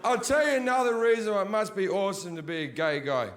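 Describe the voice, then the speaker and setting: A man's voice: high-pitched, very animated, fast talker, a bit bright, some chatter behind. A man doing a stand-up comedy set on stage, brash and crude, mocking his targets with punchlines. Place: large theater with audience. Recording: roomy live hall, audience noise.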